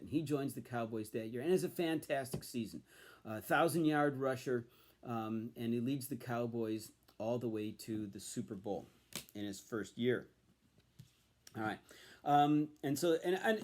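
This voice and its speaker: A man's voice: mid-range voice, a little mellow. Chatty man walking through his collection. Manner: chatty, explanatory, with frequent ums and uhs. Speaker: sports card collector reviewing a card set. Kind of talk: casual show-and-tell review.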